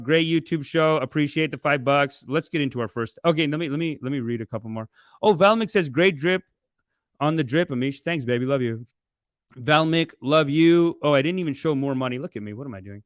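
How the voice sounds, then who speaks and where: A man hosting a casual livestream, reading donations and ranting, swinging between loud outbursts and muttered asides. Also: a little high, dry recording, clean studio sound. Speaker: livestream host.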